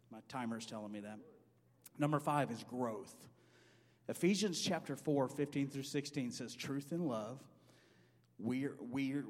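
Middle-aged man preaching in a reverberant hall. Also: mid-range voice. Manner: animated, acts out quoted dialogue loudly. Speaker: pastor. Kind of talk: sermon. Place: church sanctuary.

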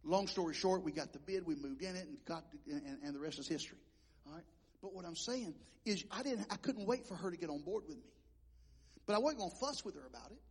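A man pastor preaching a sermon, telling stories and moving between quiet asides and loud shouted points. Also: a little high, quick pace, slightly rough, long reverb tail. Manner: animated storytelling preacher who swings between soft asides and shouting.

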